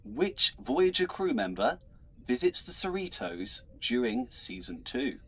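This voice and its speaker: A male quizmaster hosts an online trivia show in a middle-pitched voice. He is chatty and laughs often. He stumbles over his words as he reads out questions and scores. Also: very animated, unhurried, fairly bright tone, slight background noise. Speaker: quizmaster host.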